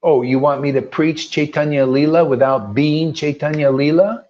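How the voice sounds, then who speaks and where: Male spiritual teacher, fairly high voice, preaches off the cuff with a combative edge and slangy rhetorical jabs; muffled lo-fi recording. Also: moderate pace, a little mellow. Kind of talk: informal preaching. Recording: dull lo-fi recording.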